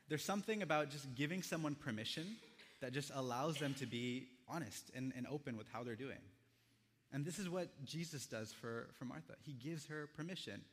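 In a big church hall full of long reverb and slight background noise, a young pastor preaches expressively. His middle-pitched voice stays gentle and reflective, and he lets quiet pauses linger between ideas.

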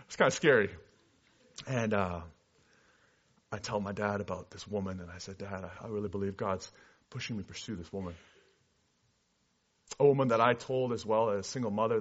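A man who works as a missionary, telling his story in a sermon with earnest storytelling that moves between animated and hushed passages. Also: fairly low pitch. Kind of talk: sermon testimony. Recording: dull lo-fi recording.

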